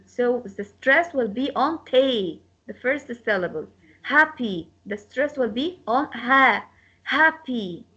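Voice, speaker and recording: A woman teaching an English lesson, repeating words slowly to model their pronunciation. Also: a little high, expressive, bright, forceful tone, breathy edge. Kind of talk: classroom lecture. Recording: slightly dull lo-fi sound.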